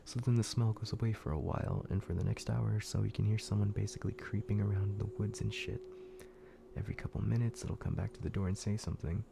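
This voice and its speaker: A man's voice: on the low side, fast talker, gravelly, background noise. A man streaming, narrating a scary story in a casual, profane, laid-back way with frequent restarts.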